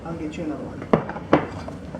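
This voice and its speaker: A woman's voice: unhurried, very noisy. A woman hosting a home cooking show in casual chat, chatty and repetitive, talking to viewers as guys. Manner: chatty, repeats words, addresses viewers as guys.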